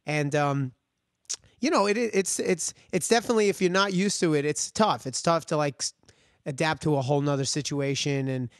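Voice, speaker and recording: A man's voice: fairly high pitch, no echo. A man with a New York accent hosting a casual interview chat, eager and talkative. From Brooklyn, US. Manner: chatty, eager, quick back-and-forth with laughs. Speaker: podcast host.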